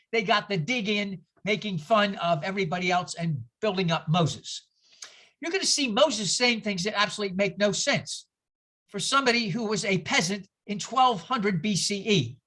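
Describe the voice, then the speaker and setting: A woman giving a lively, sarcastic talk, acting out voices with exaggerated outbursts as she teaches. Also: fairly high pitch. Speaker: speaker giving a talk on scripture. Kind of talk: lively lecture.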